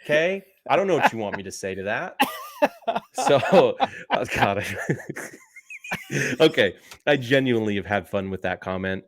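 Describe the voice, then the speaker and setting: A man in his thirties, a podcast co-host, telling a story in an animated, sarcastic way and laughing at his own stories. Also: on the low side, normal speed, slight background noise. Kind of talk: casual chat, storytelling.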